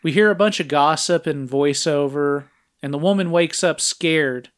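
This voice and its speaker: A man's voice: a little high, moderate pace. A man co-hosting a podcast, walking through a movie's plot in a casual, step-by-step recap with frequent filler sounds. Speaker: podcast co-host.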